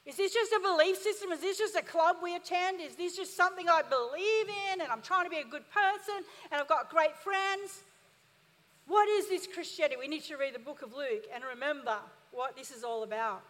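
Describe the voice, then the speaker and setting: A woman pastor with a very high voice preaches with emphatic, rising energy, drawing responses from her listeners. Her voice rings out in a long church-hall reverb. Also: fairly quick, a bit bright. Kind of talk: sermon.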